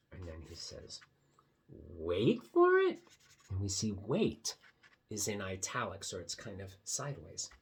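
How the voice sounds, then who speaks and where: A man reading a picture book aloud to children, gently explaining what is on each page. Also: deep voice, breathy edge. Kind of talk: read-aloud storytime for kids.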